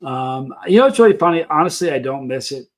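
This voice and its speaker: A man's voice: mid-range voice, expressive, quick pace. A man hosting a livestream, chatting casually and rambling to his viewers. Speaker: livestream host.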